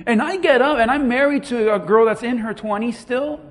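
High-voiced pastor preaching dramatically. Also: male voice, brisk. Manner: preaching with dramatic swings in loudness and acted-out quotes. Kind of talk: sermon.

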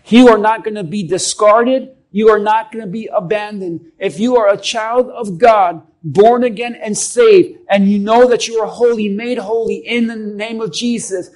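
A man's voice: high voice, normal speed, few pauses, darkish tone, poor audio. A man preaching a sermon as a pastor, emphatic and calling on the congregation to respond.

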